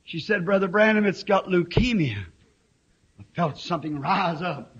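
Fiery preacher in his fifties, a man with a strikingly high voice, dull old tape recording. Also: normal speed. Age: 50s. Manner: impassioned, swings to shouting. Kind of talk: fiery sermon.

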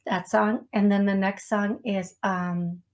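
A woman hosts a psychic medium live stream, speaking slowly and unhurriedly. Her voice sits at a middling pitch, and her talk is chatty and self-deprecating, with little laughs at her own expense. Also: flat delivery. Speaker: psychic medium show host. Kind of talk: live-stream talk show, reading out names. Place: talking to viewers on a live stream.

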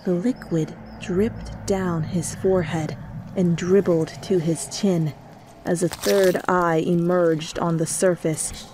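A woman reading fanfiction aloud as a whispered role-play, telling the story softly over faint music. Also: fairly low pitch, a little hiss or hum. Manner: soft, slow storytelling. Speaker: fanfiction reader.

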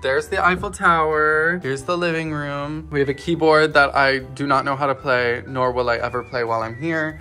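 Excitable young man chatting casually. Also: mid-range voice. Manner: excitable, chatty, swears freely. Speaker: vlogger. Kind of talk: casual vlog chat, apartment tour. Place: indoors in a small apartment, walking room to room.

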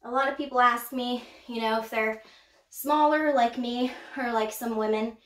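A woman showing her pet snake in a casual vlog, chatty, laughing often and whooping with excitement. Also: a little high, normal speed. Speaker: snake keeper vlogger. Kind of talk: casual show-and-tell vlog. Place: indoors room by a snake enclosure. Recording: echoey room.

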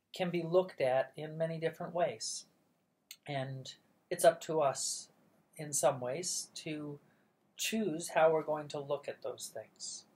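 A woman reading a children's book aloud as a gentle, unhurried bedtime story. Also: low-pitched.

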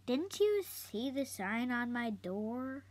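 A woman's voice: on the high side, very animated, takes it slowly, heavily acted. A woman reading aloud voices an earnest, slightly bossy schoolgirl in a storybook, stressing her words. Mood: indignant.

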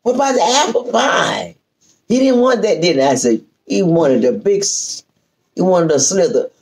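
Woman telling a lively family story. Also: on the low side, normal speed, creaky. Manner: lively storyteller who acts out quoted speech. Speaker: host. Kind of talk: storytelling chat.

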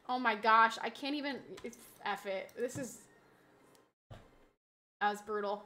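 High pitched girl streamer joking around w chat while she plays, super bright sharp voice. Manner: playful, joking banter with chat, quick reactions to gameplay. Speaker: game streamer. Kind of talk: casual live-stream gaming chat.

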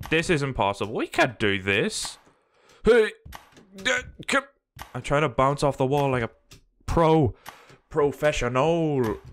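Frantic, swearing young gaming host. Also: male voice, medium pitch. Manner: frantic, swearing, yelling at the game. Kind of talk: let's play commentary.

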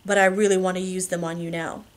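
A woman voicing an intense, commanding young husband in a low, hushed murmur while reading a romance novel aloud. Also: level tone, fast, lightly acted.

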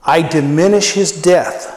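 A man in his sixties preaching a sermon as pastor, earnest and personal, often dropping his voice low for emphasis. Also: a little slow. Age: 60s. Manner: earnest, personal preaching with dramatic quiet drops. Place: church sanctuary. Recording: echoey church hall with long reverb.

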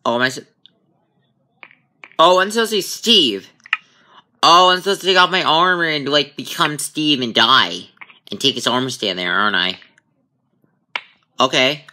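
A man's voice: on the high side, lively intonation, normal speed, long pauses, bright, forceful tone. A man playing a spooky game on his channel, thinking aloud and reacting with frequent startled exclamations. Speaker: gaming channel host. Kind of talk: let's play commentary.

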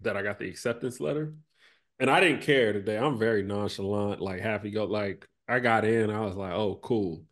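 A man in his thirties speaks as a podcast guest in a fairly low voice. He talks in a loose, relaxed way, full of fillers, and his voice drops and fades as he reflects. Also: fairly quick. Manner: relaxed, lots of "like" and "you know", trails off softly. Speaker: podcast guest, former basketball player. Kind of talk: reflective conversational interview.

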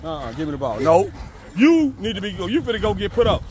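A man's voice: high-pitched, very animated, fairly quick, darkish tone. A man, a kennel owner giving his dogs short commands in a casual outdoor vlog. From Arkansas, US. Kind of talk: casual dog-training vlog.

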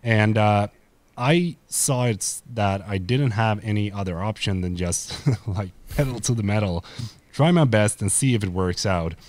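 A man's voice: lowish voice, measured pace, a little mellow, no echo. Man, Swedish accent, non-native speaker, casual interview, loose filler-heavy talk, dry recording. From Sweden. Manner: loose and chatty, many fillers and restarts. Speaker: podcast guest, content creator.

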